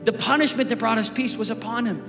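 A man preaching a sermon as pastor in a large church, talking in a casual, energetic way and turning to the congregation with questions. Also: extremely high pitch, fast, reverberant, in a large hall, music in the background.

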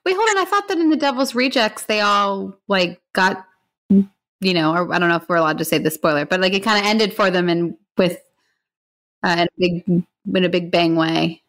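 A woman co-hosting a movie podcast, giving frank, measured opinions in casual chat. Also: fairly low pitch, fairly bright tone. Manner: candid and measured. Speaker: podcast co-host.

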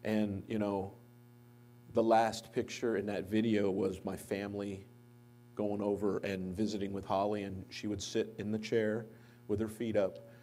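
Man, pastor type, eulogy in a church, lowish mellow voice, storytelling that perks up on quotes. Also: measured pace, slight background noise. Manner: anecdotal storytelling, lively when quoting others. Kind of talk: eulogy at a memorial service. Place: church sanctuary.

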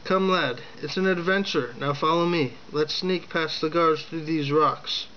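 A man's voice: on the high side, unhurried, pushed and bright, lo-fi sound, slight background noise. A man voicing a bold, adventurous male dwarf rogue in a storybook reading, calling the others lad.

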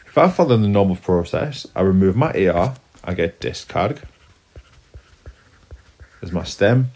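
A man's voice: low-pitched, darkish tone. A man teaching Spanish grammar to students, explaining patiently step by step as he writes on a board. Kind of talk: classroom lesson at a whiteboard.

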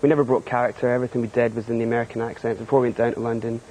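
Scottish man, halting TV interview guest. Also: medium pitch, level tone, darkish tone, a little hiss or hum, rough recording. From Scotland. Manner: hesitant, many fillers and quick laughs. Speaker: guest author. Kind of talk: studio TV interview. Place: TV studio.

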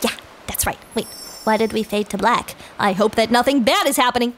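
Excitable high-voiced woman telling a game story. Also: a little fast, a little hiss or hum. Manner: excitable, gasping, chatty asides. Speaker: story narrator. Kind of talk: playful game story narration. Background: background music.

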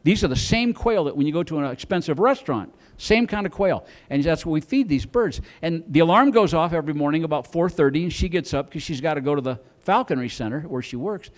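High-voiced rambling stand-up comedian, man. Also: lively intonation, fast, hardly any pauses. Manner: rambling, repeats words, acts out quotes. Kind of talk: stand-up storytelling. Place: comedy club stage.

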